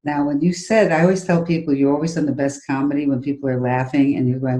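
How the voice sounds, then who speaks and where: A middle-aged woman with a low voice speaks as an acting coach in a relaxed interview. She tells stories with emphasis and bursts into loud acted-out outbursts of her own. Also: fast talker. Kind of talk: conversational interview.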